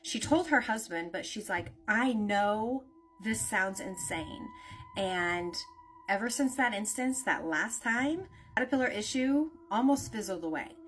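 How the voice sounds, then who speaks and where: A woman's voice: on the high side, lively intonation, normal speed, slight background noise. A woman telling a spooky story in a casual, conversational way, with lots of "like" and "naturally".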